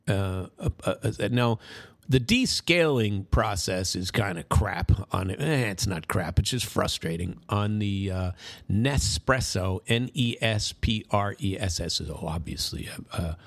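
A middle-aged man talks on at his own pace in a loose, folksy monologue, full of restarts and asides. His voice sits low with a gravelly edge. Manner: rambling, folksy, restarts often. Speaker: host. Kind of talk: casual monologue.

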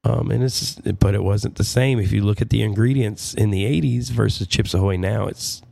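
A man hosting a show, giving relaxed, chatty commentary on clips and asking his audience questions. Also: fairly low pitch, normal speed, gravelly. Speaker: host reacting to clips. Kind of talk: casual commentary.

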